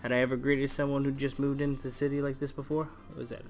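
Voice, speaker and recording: Guy doing a let's play of a visual novel, reads the lines then cracks crude jokes, average pitch, faint music under him. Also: flat delivery, fast. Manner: reads story text aloud, breaks off into crude jokes. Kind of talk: casual let's play narration with jokey asides.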